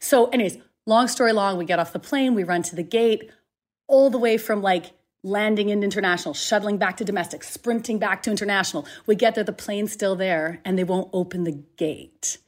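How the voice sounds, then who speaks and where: A woman's voice: mid-range voice, brisk. A woman from Canada, a guest on a video call, telling a long travel mishap story with energy and acting out the other people in it. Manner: animated storytelling, acts out other people's lines. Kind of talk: casual chat on a video call.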